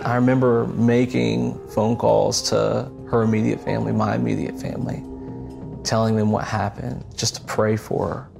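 A man recounts his own experience in a plain, earnest testimony. His voice is low and gravelly with fry. Clear music runs beneath him. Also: level tone, normal speed. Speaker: guest storyteller. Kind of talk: personal testimony.

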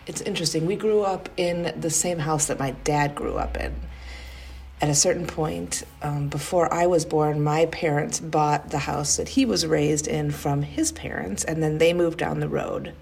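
A woman's voice: low-pitched, steady tone, moderate pace, vocal fry, darkish tone, a little hiss or hum. A middle-aged woman from Wisconsin, the youngest of five, fondly telling rambling family memories in an interview. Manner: fond, rambling storytelling with frequent fillers and restarts.

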